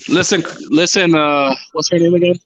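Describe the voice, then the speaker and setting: A man's voice: a little high, steady tone, normal speed, muffled recording. A man co-hosting a podcast, joking and crude in casual chat. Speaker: podcast co-host.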